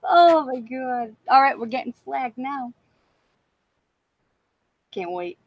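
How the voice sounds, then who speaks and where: A woman's voice: high-pitched, takes it slowly, gravelly, dry recording. A woman with a Boston accent co-hosting a casual livestream chat, brash, teasing and full of swearing. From Massachusetts, USA. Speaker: livestream co-host.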